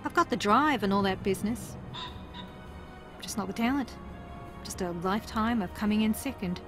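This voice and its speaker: Actress doing a deadpan, teasing game contestant from New Zealand, mid-pitched, sarcastic. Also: female voice, moderate pace, soft background music, close to an everyday voice. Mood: wry. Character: wry, sarcastic female reality-TV contestant, former aerialist. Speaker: reality show contestant. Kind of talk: video game voice acting.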